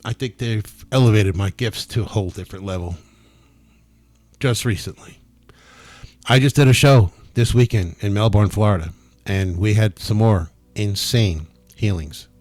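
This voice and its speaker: A man talking as a spiritual healer in a casual, emphatic monologue, excited and emotional enough to be near tears. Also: fairly low pitch, normal speed, dry recording. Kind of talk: casual testimonial monologue to camera.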